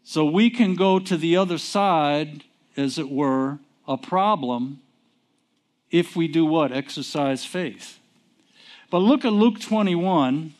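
A man's voice: a little high, a little mellow. A man preaching a sermon, teaching from scripture and tossing questions to the congregation before giving the answers himself. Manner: call-and-response questions, drawn-out emphasis. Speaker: pastor.

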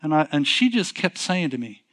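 A man's voice: fairly high pitch, big pitch swings, moderate pace, a bit bright. A male pastor telling a personal story in a sermon, conversational and rambling, often restarting with "so anyways". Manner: conversational, repeats himself, frequent "so anyways" restarts.

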